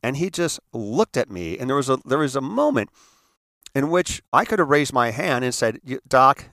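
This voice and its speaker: A man from the San Francisco area telling a personal story in an earnest, halting way, often restarting and repeating words. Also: medium pitch, very animated, a bit bright, no room sound, studio quality. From San Francisco area, United States. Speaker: speaker telling his life story.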